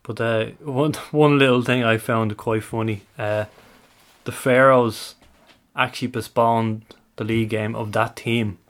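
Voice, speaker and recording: A man's voice: medium pitch, fairly even intonation, a little slow. An Irish man co-hosting a football podcast, dry and understated in casual chat. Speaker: podcast co-host.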